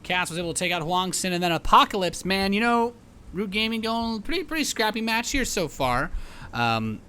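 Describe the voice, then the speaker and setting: Bright-voiced chatty male game caster. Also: high voice, big pitch swings, normal speed, a little hiss or hum. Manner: chatty, rambling, many fillers and restarts. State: hiccups. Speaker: esports caster. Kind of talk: live game commentary.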